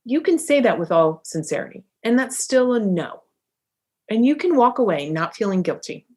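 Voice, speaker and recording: With a voice on the high side and a normal speed, this middle-aged woman coaches her audience through an emphatic, lively motivational talk, often playing out short lines of dialogue.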